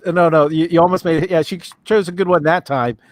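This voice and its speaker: Halting man hosting a live show. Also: on the high side, fairly even intonation, no room sound. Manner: hesitant, many filler sounds. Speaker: moderator of a comedy debate show.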